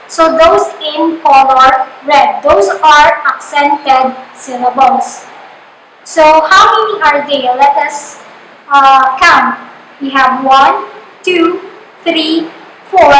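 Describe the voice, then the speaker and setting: A woman teacher with a Filipino accent giving a slow, deliberate online lesson, sounding out her examples. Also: high voice, bright, forceful tone. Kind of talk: online lecture. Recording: echoey room with faint noise.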